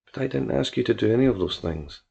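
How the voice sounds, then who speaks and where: A young farm woman stays cool and teasing, her lines soft and unbothered, read by a man. The voice carries a gravelly edge. The recording sounds dull and lo-fi. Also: medium pitch, normal speed. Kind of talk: audiobook character reading.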